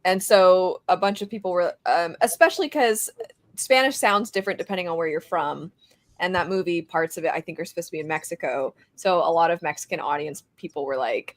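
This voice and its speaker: A woman's voice: fairly low pitch, lively intonation, moderate pace, no room sound. Chatty woman podcast co-host. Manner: chatty, laughs often. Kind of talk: casual chat.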